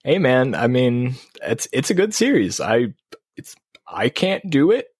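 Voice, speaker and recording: Easygoing male podcast co-host, lively pitch, dry close mic, reads listener mail. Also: measured pace, breathy edge, dry recording. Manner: laid-back, laughing often, lively pitch. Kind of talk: casual chat, reading listener messages. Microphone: video call.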